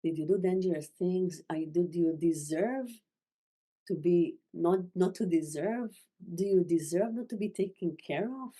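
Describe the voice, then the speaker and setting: Soft-spoken woman with a warm, low voice. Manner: gentle, halting, repeats and restarts words; non-native phrasing. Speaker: spiritual teacher. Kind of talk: masterclass talk.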